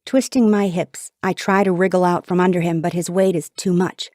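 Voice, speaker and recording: A woman reads an audiobook in the first person, with intense, dramatic delivery. Her voice is on the lower side, recorded close and dry on a studio mic. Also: fairly even intonation, moderate pace, darkish tone, no room sound. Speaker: audiobook narrator.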